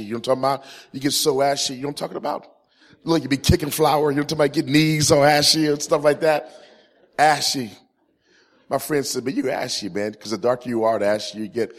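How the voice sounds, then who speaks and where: A man in his forties in ministry, telling a humorous personal testimony to a live audience. He swings from loud, punchy comic lines to quiet, earnest points. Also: fairly high pitch. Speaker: Christian ministry speaker.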